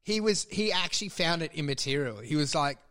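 A man co-hosting a podcast, telling animated stories with lots of laughter, swearing and mimicry. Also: on the high side, a little fast. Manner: animated storyteller, laughs often, mimics his old boss; swears freely, casual slang. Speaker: podcast co-host. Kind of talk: casual chat.

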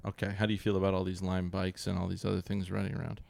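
A man's voice: low-pitched, monotone, rapid-fire, vocal fry, darkish tone, no room sound. A man hosting a podcast, teasing his guest with offbeat questions in casual chat, with a Southern Californian accent. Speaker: podcast host.

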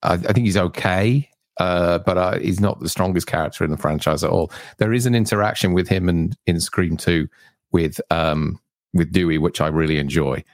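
Low-voiced easygoing man, dry sound. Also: steady tone, moderate pace, no echo. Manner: easygoing, reads chat comments aloud. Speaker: co-host. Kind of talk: casual live-stream chat.

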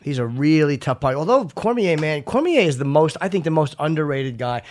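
A man hosting a podcast in loose, rambling chat, cursing freely and poking fun at himself. His voice sits a little higher than most men's. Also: animated, fairly quick, few pauses. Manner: rambling, profane, self-deprecating. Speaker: podcast host.

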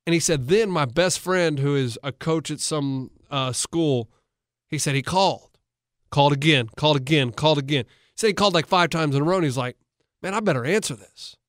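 A man's voice: a little high, brisk, no echo, clean studio sound. A man, a coach and co-host, in casual sports talk, telling stories eagerly with many restarts. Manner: animated storyteller, retells others' words with many restarts.

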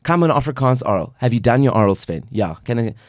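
On a relaxed podcast, a male guest life coach from South Africa delivers fast, expressive, preachy points with emphasis, performing small quotes along the way. His voice sits at medium pitch, and the studio-quality sound has no echo.

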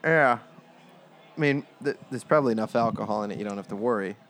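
A man co-hosting a casual beer review chat, relaxed, telling stories and cracking dry jokes. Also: on the low side, quick pace. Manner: relaxed, dry joking, storytelling.

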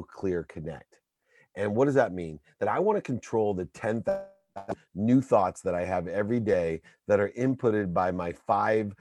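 Man, 40s, interview guest, emphatic motivational talk, lowish voice, dry sound. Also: a little mellow, no echo. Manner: emphatic, speaks in punchy lists.

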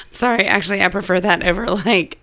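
A woman co-hosting a podcast, chatting excitably with her sister, joking and swearing freely. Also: medium pitch, creaky, slight background noise, low-quality recording. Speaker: podcast co-host. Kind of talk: casual chat.

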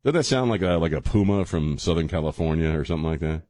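A man's voice: a bass voice, lively intonation, fast talker, a little mellow, no echo, studio quality. A man hosting a call-in radio show, joking and laughing often as he gives blunt opinions. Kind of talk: casual call-in radio talk. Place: radio studio.

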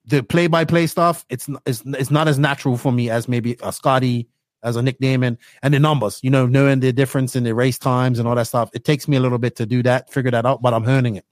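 A young man from Bermuda telling stories as a podcast guest, excitable and animated as he acts out his own reactions. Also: mid-range voice, fast talker, dry recording, studio quality. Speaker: podcast guest, race commentator. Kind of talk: casual interview storytelling.

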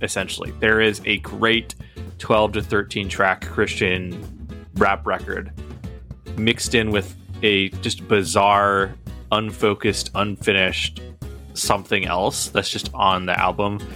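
A man co-hosting a podcast, rambling through an animated story with quick asides and restarts. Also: fairly low pitch, faint music behind. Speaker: podcast co-host. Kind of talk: casual podcast chat about movies.

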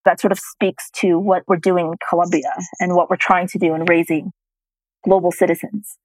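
A woman's voice: lowish voice, level tone, normal speed, no room sound, rough recording. A middle-aged woman telling a personal story as a guest, reflective and at times choked up.

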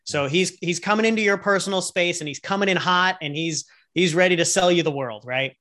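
A guest entrepreneur and coach talks casually in an interview, animatedly acting out little scenes as he explains things. His voice is high-pitched and a little fast.

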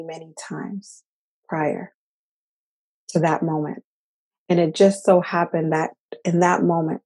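Woman, mother; dark, slightly breathy tone; earnest, halting personal talk. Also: fairly low pitch. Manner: earnest, halting, repeats words. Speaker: mother sharing personal story.

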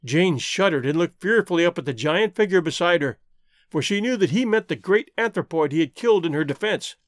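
A man narrating a classic adventure novel as an audiobook, in an expressive, dramatic reading. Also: on the high side, brisk, no echo, clean studio sound. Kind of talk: storybook narration.

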